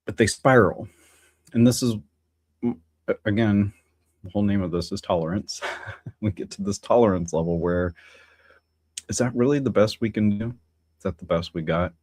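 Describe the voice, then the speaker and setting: At normal speed but pausing often, a man with a lowish, slightly mellow voice hosts a casual solo livestream with no room sound. He rambles philosophically, using lots of fillers and restarts and chatting aside to his viewers.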